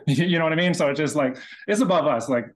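A man's voice: a little high, animated, a little fast. Rambling man telling a story casually. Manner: rambling, full of "like" and filler. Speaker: podcast guest, breathwork practitioner.

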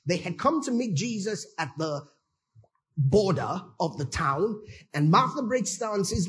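A man's voice: sits high, sing-song, measured pace, a bit bright. A male pastor preaching a sermon emphatically, often exclaiming praise and checking that listeners follow.

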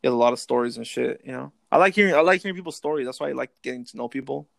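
A man's voice: medium pitch, rapid-fire, gravelly, fairly bright tone, no echo, studio quality. A young man telling stories in laid-back casual chat, cursing freely. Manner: laid-back, profane storytelling. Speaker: soldier.

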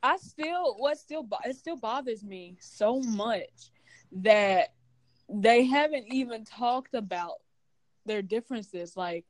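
A woman co-hosting a podcast in casual chat, animated and playful, often acting out what others say. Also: a little high, slow pace, no echo, rough recording. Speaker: podcast co-host.

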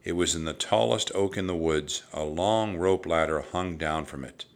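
A man reading a children's storybook aloud in a measured, expressive way. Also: sits low. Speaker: narrator.

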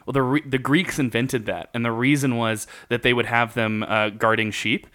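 A mid-pitched podcast co-host talking casually, with fillers and restarts as the thought comes together. The delivery is loose and conversational. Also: fairly even intonation, moderate pace, fairly bright tone. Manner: chatty, many fillers and restarts. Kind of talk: casual chat.

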